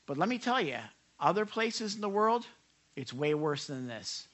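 A pastor preaches in a loose, conversational way, checking in with his listeners as he goes. His voice swoops lively up and down with a bright, forceful edge, and his delivery is fervent and earnest. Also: high voice, moderate pace. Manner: animated, talks straight to listeners with frequent "right?" asides. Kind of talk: conversational sermon.

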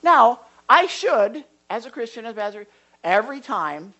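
An older man preaching as a pastor in a conversational sermon, acting out little dialogues and swinging between loud and hushed delivery. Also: very high-pitched, big pitch swings, moderate pace, lo-fi sound.

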